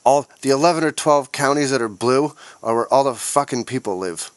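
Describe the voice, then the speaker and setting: A man's voice: mid-range voice, fairly quick, no echo. A man hosting his own podcast, ranting angrily with heavy profanity and sarcasm. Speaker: podcast host. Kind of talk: solo podcast rant.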